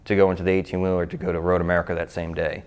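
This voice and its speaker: A man's voice: low voice, monotone, rapid-fire, a little mellow, clear, resonant tone. A man who races motorcycles, telling rambling stories in a casual interview, laughing often and saying "like" a lot. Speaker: motorcycle racer.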